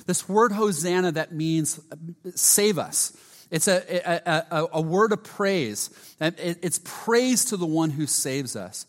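Male preacher, earnest sermon delivery, hushed at times, stumbles over words, big reverberant room. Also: fairly high pitch, a little slow. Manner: earnest, often drops to a hushed voice; repeats words and restarts often. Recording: long hall reverb.

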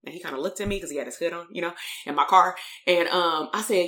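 A woman therapist from Compton, telling a story in an animated way, full of slang and fillers. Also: on the low side, quick pace. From Compton, California. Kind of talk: storytelling talk.

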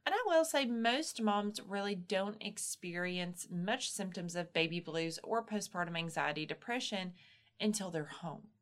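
Speaking a little slowly in an expressive, lowish voice, this woman co-hosts a casual podcast on postpartum health. She reassures listeners with plain explanations and now and then voices a mother's inner thoughts.

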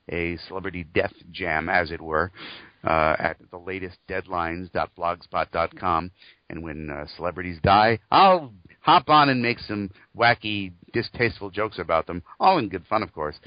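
A man's voice: low-pitched, dry recording, dull audio. A man, a voice actor and comedy writer, answering interview questions in a wry, joking way.

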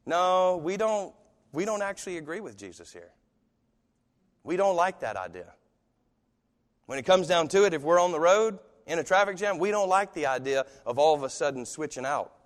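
A man preaches in a relaxed, conversational way, slipping into the voices of the people he quotes. His voice sits a little high. The sound carries a long reverb, as in a large church hall. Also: moderate pace. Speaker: pastor. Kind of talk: sermon.

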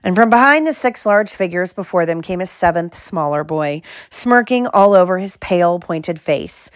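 A woman reading a novel aloud in measured scripted narration, close to the mic. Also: on the low side, expressive, dry recording. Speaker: audiobook reader.

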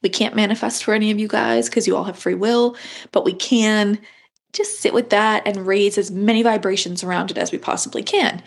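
A young adult woman hosting a spiritual podcast, talking in an animated, chatty way and often breaking off to yawn. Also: mid-range voice, brisk, gravelly. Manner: animated, chatty, frequent yawns and gasps. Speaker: podcast host. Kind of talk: casual spiritual podcast monologue.

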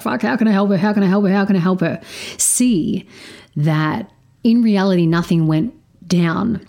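A woman telling a personal story in casual, candid speech, swearing freely and acting out the dialogue. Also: dark tone. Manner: candid, swears freely, repeats phrases for emphasis; acts out dialogue, voicing a girl higher. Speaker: storyteller sharing a parenting story.

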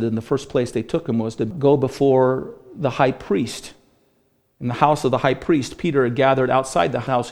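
A male pastor delivering a radio sermon, earnest, swinging between loud emphatic stretches and hushed, grave ones. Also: medium pitch, gravelly.

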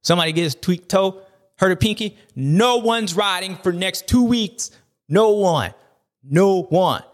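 A man's voice: high voice, unhurried. A man hosting a race recap show, riffing in playful slang and repeating his catchphrases. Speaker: host of a supercross recap show. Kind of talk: animated casual commentary.

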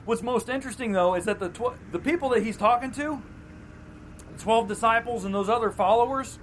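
A pastor delivers a sermon in an easygoing, conversational style, sometimes taking on the voices of people in the story. His pitch is middling and he talks fairly quickly, over poor audio with a faint background hum.

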